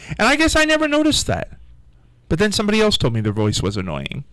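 A man's voice: high-pitched, huge pitch swings, fast, pushed and bright, dry recording, poor audio. A male radio host in casual on-air chat, rambling and searching for his words.

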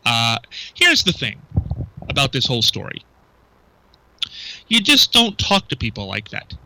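A man's voice: mid-range voice, wildly swooping pitch, unhurried, vocal fry, pushed and bright, slight background noise, rough recording. A male radio talk show host, chatting with his co-host, incredulous and full of rhetorical questions. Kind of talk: local talk radio banter. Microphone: studio microphone.

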